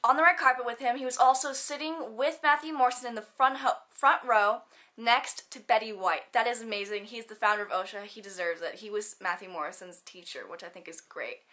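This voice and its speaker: A woman's voice: fairly high pitch, brisk, bright, forceful tone. A teenage girl chatting casually in a vlog, bubbly and giggly, with lots of fillers and quoted asides. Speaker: student vlogger.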